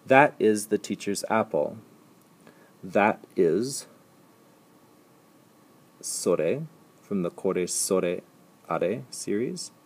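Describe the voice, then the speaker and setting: A man gives a recorded classroom lesson in a low, slightly husky voice. He walks through each example patiently, repeating sentences slowly and carefully. His tone stays calm and instructive throughout. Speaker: language teacher. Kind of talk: recorded slide lecture.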